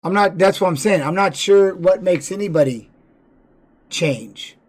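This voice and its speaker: A man's voice: high voice, measured pace. A man giving casual live-stream commentary on fight videos, blunt and profane, repeating words for emphasis.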